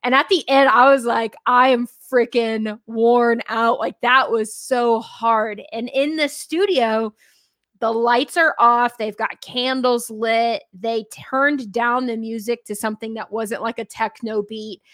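Woman host, chatty storyteller, higher voice, dry close sound. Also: measured pace, a bit bright, no echo. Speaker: podcast host. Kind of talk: casual conversation.

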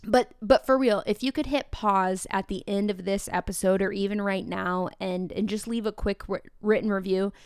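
A woman with a Midwestern American accent hosting a podcast, talking in an energetic, chatty way with playful asides to her listeners. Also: medium pitch, moderate pace, few pauses, clear, resonant tone, no room sound, clean studio sound. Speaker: podcast host. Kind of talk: upbeat podcast monologue.

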